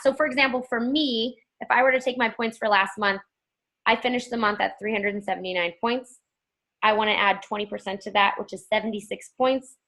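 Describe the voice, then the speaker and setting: Gravelly-voiced woman in casual training talk. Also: mid-range voice, fairly bright tone. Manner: chatty, upbeat, self-joking. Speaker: team trainer.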